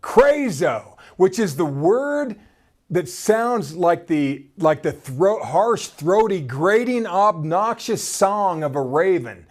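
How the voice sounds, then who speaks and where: A man preaching a sermon in an animated way, asking his listeners questions and laughing between points. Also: high voice, slow.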